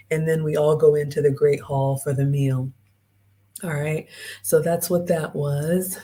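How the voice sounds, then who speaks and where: A woman's voice: deep voice, dark tone. A woman hosting a live-streamed travel vlog, chatting straight to her viewers and reading out their comments. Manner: chatty, talks straight to viewers and reads out chat. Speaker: host.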